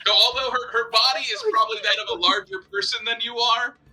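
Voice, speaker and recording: A man narrating as game master of a tabletop game, animated and often restarting phrases, with faint music behind. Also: very high-pitched, fast, poor audio.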